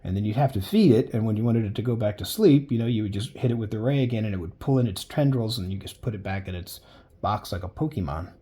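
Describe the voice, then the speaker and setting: A man sketches live and talks casually as he draws, drifting into jokey stories along the way. His voice is fairly low, fast, mellow and husky.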